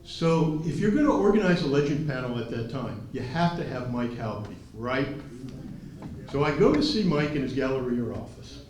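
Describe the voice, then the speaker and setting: A man moderating a dinner event, telling an anecdote in an animated way and acting out quotes. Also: mid-range voice, normal speed, a little hiss or hum. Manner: animated storyteller, acts out quotes. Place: large banquet hall. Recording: echoey hall, speaker far from mic.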